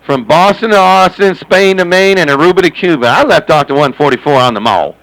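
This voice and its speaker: Bright-voiced man joking on CB radio. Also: a little high, animated, brisk, poor audio. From Southern California. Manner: joking, repeats himself, calls out handles. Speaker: CB radio operator. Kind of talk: casual CB radio chatter.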